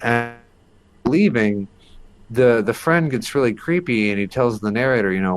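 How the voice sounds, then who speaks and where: A man's voice: mid-range voice, normal speed. A man telling a creepy story as a podcast guest, in a rambling, casual way full of fillers and the odd swear.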